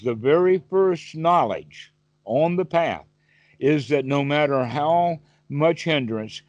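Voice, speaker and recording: A man's voice: fairly high pitch, no room sound. Man teaching meditation over a dull call. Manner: asks the listener questions, vivid everyday examples. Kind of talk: Dhamma talk on a call.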